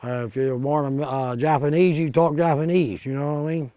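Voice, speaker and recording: A man with a reflects plainly in a casual interview. His voice has a warm, mellow tone. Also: on the high side, fairly even intonation, normal speed, no room sound.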